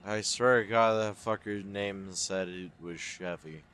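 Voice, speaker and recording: A man's voice: on the low side, steady tone, a little slow, a bit bright, clean tone. A man giving casual, joking and profane commentary as he plays a horror game, talking to his viewers. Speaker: let's play host.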